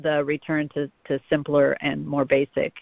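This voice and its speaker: A woman's voice: low-pitched, completely flat delivery, moderate pace, creaky, dry recording. A woman guest on a podcast, talking in a reflective way and laughing easily. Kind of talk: casual interview chat. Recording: dull, dry sound.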